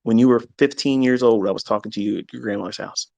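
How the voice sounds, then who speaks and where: A man's voice: mid-range voice, fast, creaky, dry recording, rough recording. Trading educator, male, mid-range voice; candid storyteller, swears freely, dead-dry close mic. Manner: blunt and profane, animated retelling.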